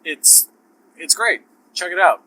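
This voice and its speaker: A man's voice: high-pitched, expressive, slow, bright, forceful tone, rough recording. A man hosting a podcast, with a sore throat, talking casually in a rambling, profane, self-interrupting way. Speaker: podcast host. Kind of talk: casual solo podcast talk.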